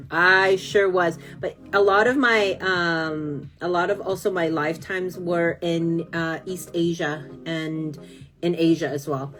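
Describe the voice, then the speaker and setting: A woman's voice: fairly low pitch, steady tone, takes it slowly, soft background music. A woman from California, chatting casually on a live stream, rambling and gushing with lots of fillers as she answers viewer comments.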